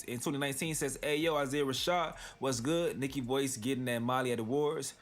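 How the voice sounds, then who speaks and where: A man's voice: medium pitch, steady tone, brisk. Slangy man reading tweets out. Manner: reads tweets aloud then reacts, slangy. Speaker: commentary channel host. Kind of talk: casual commentary reading tweets.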